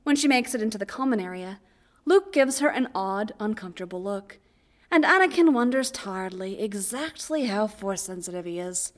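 Quiet woman reading a story aloud. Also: mid-range voice. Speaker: narrator. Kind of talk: audiobook reading of fan fiction.

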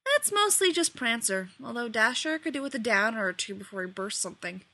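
A woman's voice: a little high, very animated, fairly quick, pushed and bright, full character voice. A woman reading the part of an easygoing, teasing man elf in a storybook tale.

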